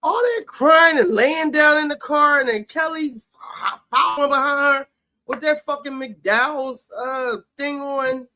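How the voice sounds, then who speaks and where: A man's voice: very high-pitched, measured pace, sharp tone. A man giving sassy, profane, heated commentary on a reality show while cooking in his home kitchen. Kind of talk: casual commentary chat.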